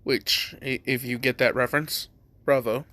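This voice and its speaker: A man's voice: medium pitch, steady tone, normal speed, pushed and bright, no room sound. Rambling casual male storyteller. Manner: rambling, lots of "like", swearing. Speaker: fan storyteller.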